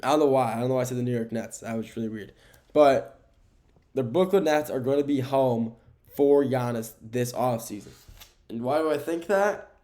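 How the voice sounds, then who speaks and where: A man's voice: medium pitch, moderate pace, warm tone. A man hosting a sports podcast on his own, speaking in a mid-range voice with a loose, rambling delivery. He stops to correct himself and leans on fillers as he goes. He is recorded indoors in a room. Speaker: podcast host. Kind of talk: solo sports podcast talk. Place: indoor room with window blinds.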